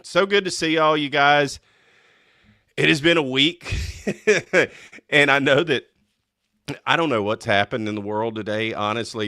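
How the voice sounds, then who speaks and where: A man from North Louisiana with a North Louisiana accent, hosting a casual chat show in an excitable, chatty way with frequent laughs. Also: on the low side, no room sound, studio quality. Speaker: host.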